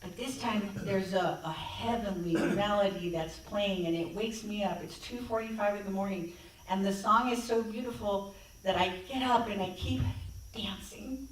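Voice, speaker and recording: A woman's voice: medium pitch, moderate pace, a little hiss or hum. A woman guest speaker in a church, telling a personal story in a conversational way and acting out bits of dialogue. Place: church sanctuary. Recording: echoey hall, distant mic.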